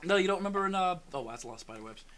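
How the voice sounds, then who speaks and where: A man's voice: high voice, animated, racing. A man chatting casually over a co-op game, rambling through stories with lots of fillers. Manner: rambling storyteller, many fillers, loud shouted bits. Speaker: co-op gaming commentator. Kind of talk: casual gameplay chat.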